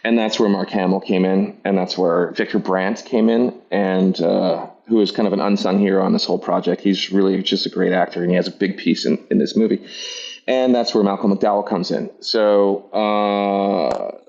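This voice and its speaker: A man's voice: low voice, fairly even intonation, normal speed, creaky, darkish tone, dull audio. A middle-aged man in a casual interview, telling stories with enthusiasm, laughing often and acting out the voices of people he quotes. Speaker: interviewee, animated series co-creator.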